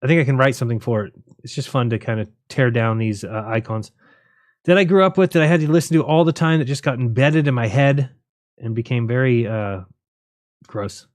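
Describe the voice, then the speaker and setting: A man's voice: mid-range voice, a little fast, dry recording, studio quality. A man hosting a casual livestream, rambling and joking, often laughing at his own jokes. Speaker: livestream host.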